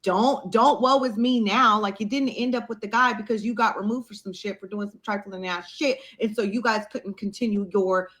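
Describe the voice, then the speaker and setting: A woman talks through a reality show in a casual, unfiltered way. She is blunt and sassy and swears freely. Her voice sits at an ordinary middle pitch. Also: fairly even intonation, fairly quick, few pauses, fairly bright tone. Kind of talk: casual commentary.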